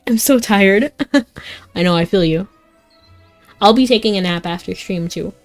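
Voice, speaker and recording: A woman's voice: mid-range voice, unhurried. A young woman streaming a game, chatting casually and rambling to her chat with frequent giggles. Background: faint game music.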